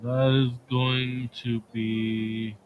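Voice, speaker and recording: Slow relaxed male player at a tabletop game, faint music behind. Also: mid-range voice, phone-quality sound. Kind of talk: casual tabletop play.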